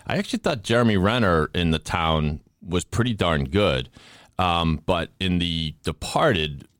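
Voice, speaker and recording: Deep-voiced man in his fifties, podcast host, jokey rambler, dry close mic. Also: animated, measured pace, fairly bright tone, no room sound. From Boston area. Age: 50s. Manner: rambling, self-deprecating, jokey with restarts. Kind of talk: casual interview chat.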